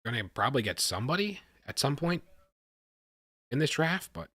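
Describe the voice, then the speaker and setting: A man hosting a live stream, reacting with excitement and talking to his chat, often repeating himself. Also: on the high side, moderate pace, slightly rough, no echo, studio quality. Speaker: livestream host reacting to a draft.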